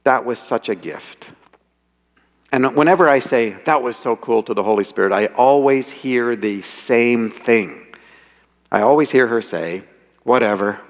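A man telling lively anecdotes as the author speaking to an audience, quoting people as he goes. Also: mid-range voice, a little slow. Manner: animated storyteller, quotes people in voices. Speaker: author giving a talk. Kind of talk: storytelling talk. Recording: reverberant hall.

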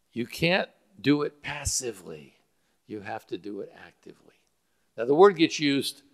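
A male pastor with a mid-range, slightly bright voice preaches a sermon on Greek word roots, using frequent fillers. He's in a church sanctuary, and the hall gives the recording a long reverb.

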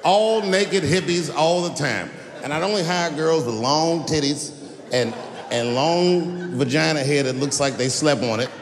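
A man performing a stand-up comedy routine, telling a profane story brashly and sometimes breaking into shouts. He is recorded live on a large stage before an audience. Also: fairly high pitch, a little slow. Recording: live venue with long reverb and audience noise.

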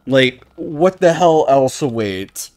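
A man's voice: mid-range voice, lively intonation, slow, a little mellow, dry recording. A man commenting casually while he plays a game, stammering, swearing and reacting with disgust. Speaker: streamer playing a game. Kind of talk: casual live gameplay commentary.

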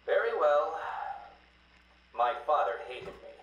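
A man's voice: a little high, very animated, takes it slowly, fairly bright tone, echoey room, highs cut off, full character voice. An actor playing a bitter, theatrical male patient obsessed with riddles, recalling his childhood.

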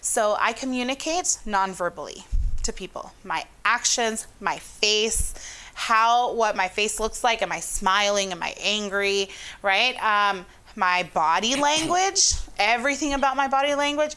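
A woman's voice: mid-range voice, lively intonation, unhurried, pushed and bright. A woman from Honduras, a psychologist guest speaking expressively in an interview with emphatic, varied intonation. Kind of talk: interview conversation.

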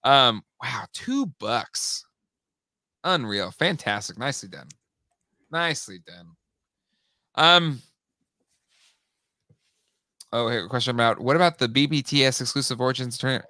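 A man co-hosting a toy podcast in casual chat, excitable and quick to laugh. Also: medium pitch, dry recording, studio quality. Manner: excitable, animated, laughs often.

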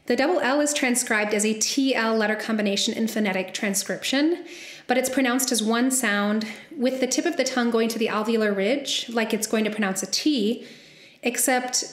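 A woman's voice: fairly high pitch, roomy sound. A young woman, a soprano, giving an academic lecture and carefully spelling out sounds as she explains.

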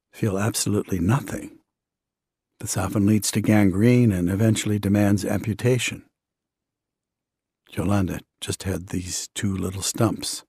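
A man narrating a devotional book in the first person, with a measured, earnest reading. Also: lowish voice, darkish tone, breathy edge, no echo, clean studio sound. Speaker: audiobook narrator.

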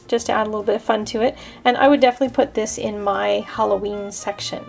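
Woman, craft tutorial host, chatty, step-by-step explaining, fairly high voice, faint music behind. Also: vocal fry, darkish tone. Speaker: card-making host.

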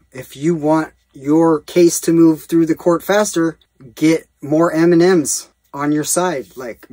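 A man's voice: on the high side, a little mellow, no echo. A man in a casual vlog rant, rambling and profane, with lots of fillers. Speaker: vlogger.

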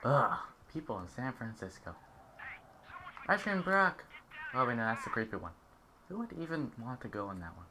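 A man's voice: mid-range voice, sing-song, normal speed, long pauses, noisy background. A young man giving casual, jokey gameplay commentary and chatting at the game characters. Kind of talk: casual let's-play commentary.

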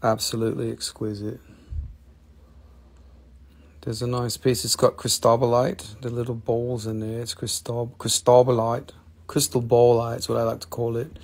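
A man's voice: mid-range voice, completely flat delivery, normal speed, a little mellow. A man hosting a live online sale, talking casually and enthusiastically, rambling and swearing now and then. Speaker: host selling rocks and minerals on a live stream. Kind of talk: casual live sales chat.

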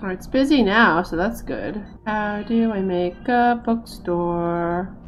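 A woman's voice: mid-range voice, expressive, slow pace, soft background music. An American woman giving casual, self-mocking commentary as she plays a game, laughing often as she talks. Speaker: gaming streamer. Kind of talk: casual let's-play commentary.

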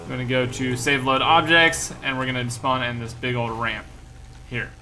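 A young man streaming a game, giving energetic commentary and often repeating himself. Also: medium pitch, moderate pace, slight background noise. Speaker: gaming streamer. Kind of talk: excited live gameplay commentary.

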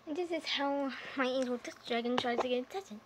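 A woman's voice: sits high, quick pace, very noisy. A woman in a casual vlog, rambling and hesitant as she demonstrates animal noises. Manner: rambling and hesitant, with restarts and apologies.

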